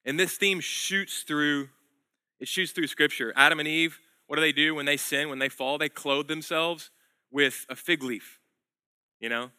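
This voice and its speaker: Bright-voiced conversational preacher, man. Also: mid-range voice, moderate pace, no echo. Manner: conversational storytelling preacher, swings between loud and hushed. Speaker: pastor. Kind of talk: sermon.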